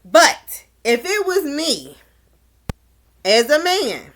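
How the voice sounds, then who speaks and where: A woman's voice: sits high, big pitch swings, very slow, long pauses, a bit bright. A woman recapping a dating show in a casual vlog, blunt and exclaiming, with slangy asides. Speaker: show reviewer.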